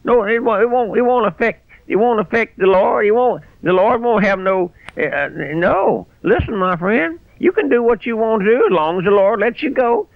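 A man's voice: high voice, animated, normal speed, creaky, few pauses, dry recording. Fiery older man preaching on the radio. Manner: fiery, rising to shouts on key phrases. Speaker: pastor. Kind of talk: radio sermon. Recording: dry, dull radio broadcast sound.

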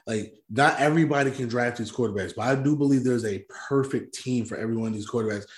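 A man's voice: medium pitch, fast talker, roomy sound. A man co-hosting a casual sports podcast, making his case at length and arguing his points. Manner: argumentative, explains at length. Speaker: podcast co-host.

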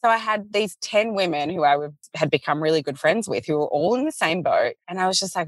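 Deep and fast, her voice barely pauses, and there's no echo. She's an Australian small business founder in her thirties, a podcast guest in casual chat who tells stories with energy, acting out quotes and laughing often.

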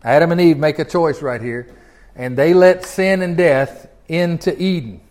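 A man's voice: fairly high pitch, a little slow, darkish tone. A man teaching a Bible class in a folksy, conversational way, often chuckling and restarting his phrases.

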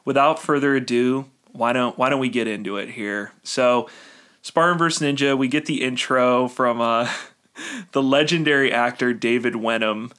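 Bright-voiced young male podcast host. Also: medium pitch, moderate pace. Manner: joking, laughs often, loose and rambling. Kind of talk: casual podcast chat.

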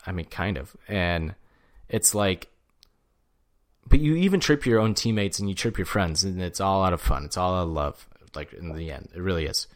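A man hosting a casual sports podcast, telling stories with animated quoted voices and frequent swearing. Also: normal speed. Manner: animated storytelling, acts out quotes with jumps in pitch. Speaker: podcast host.

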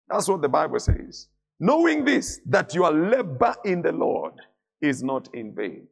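A middle-aged man delivers a sermon as a bishop, his voice pitched somewhat high for a man. He drives his points home through repeated phrases and lets his lines sink down low at the close. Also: vocal fry. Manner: emphatic preaching with repeated phrases and falling endings. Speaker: bishop preaching.

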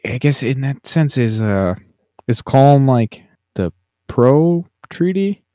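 A podcast co-host, a man, works through his thoughts on a film in a loose, hedging way. His voice sits in a middle pitch, and the sound is close and dry. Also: lively intonation, slow pace, dark tone, no room sound. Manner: meandering, hedging, thinks aloud. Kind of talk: casual movie discussion.

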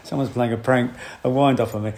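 A man, a photographer, telling a rambling, animated anecdote with frequent laughs. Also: medium pitch, brisk, slight background noise. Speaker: photographer guest. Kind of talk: anecdote in casual chat.

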